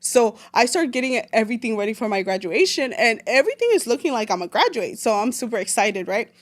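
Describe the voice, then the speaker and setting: A woman in her late twenties from El Salvador, telling a personal story as a podcast guest in an animated, slangy way, slipping Spanish phrases into her English. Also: fairly high pitch, fast talker. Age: late 20s. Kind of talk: casual storytelling chat.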